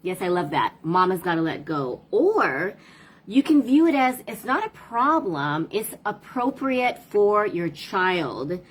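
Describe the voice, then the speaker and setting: A woman's voice: mid-range voice, sing-song, takes it slowly, slightly rough, rough recording. A woman parent coach talking casually to viewers on a live stream, asking rhetorical questions and replying to comments.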